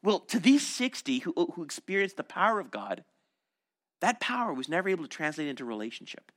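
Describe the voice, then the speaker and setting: A man's voice: a little high, sing-song, fairly quick, fairly bright tone. A man preaching a sermon as a pastor, telling the story animatedly and acting out the voices of crowds and disciples.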